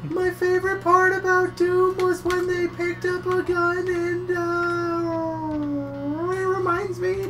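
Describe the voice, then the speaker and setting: A man putting on a shrill, sing-song, overexcited high cartoon mascot voice. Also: flat delivery, takes it slowly, a bit bright, full character voice. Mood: squeaky giddy. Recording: music playing underneath.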